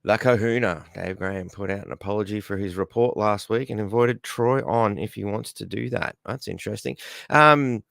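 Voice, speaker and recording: A man's voice: fairly low pitch, moderate pace, gravelly, fairly bright tone, no room sound, studio quality. An Australian man hosting a casual live stream, rambling, swearing freely and greeting viewers by name. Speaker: host.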